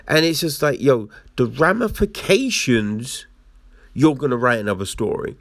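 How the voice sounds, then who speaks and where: A man giving casual commentary as a reviewer, swearing and acting out quoted lines in an animated way. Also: mid-range voice, normal speed, no room sound, studio quality.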